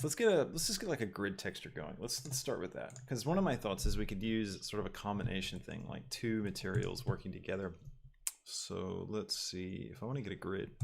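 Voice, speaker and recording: A 3D artist livestreams his work, chatting casually as he goes. His low, gravelly voice thinks aloud, halting with ums and restarting sentences.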